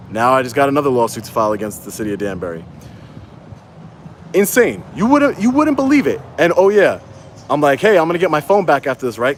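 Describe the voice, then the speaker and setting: An indignant man recounts events to his viewers in a casual vlog, talking into a handheld phone outside on a city street. His voice sits in an ordinary middle pitch, and faint traffic and urban ambience hum behind him. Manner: indignant, rising to angry rhetorical questions. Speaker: citizen auditor and channel host.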